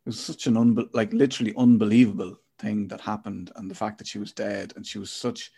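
A man's voice: on the low side, level tone, a little fast, creaky, dark tone, slightly rough. A middle-aged man hosting a casual chat podcast, telling a reflective, rambling story. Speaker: podcast host.

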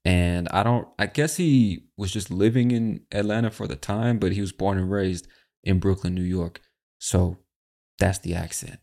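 A man's voice: deep voice, moderate pace, creaky, darkish tone. A man hosting a casual English-learning podcast in a laid-back, chatty way, swearing now and then. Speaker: podcast host, English teacher.

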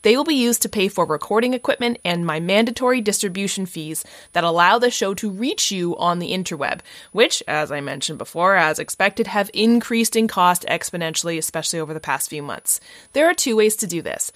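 A woman's voice: fairly low pitch, lively intonation, fairly quick, a bit bright, no room sound, studio quality. A woman with a West Coast Canadian accent, hosting her podcast in a bubbly, chatty, self-deprecating way. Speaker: podcast host. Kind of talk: podcast intro and appeal.

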